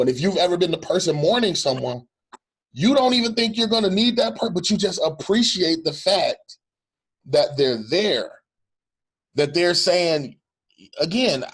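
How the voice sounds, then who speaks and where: A man's voice: high voice, animated, measured pace, breathy edge. A middle-aged male pastor talking earnestly in a reflective conversation, repeating phrases for emphasis.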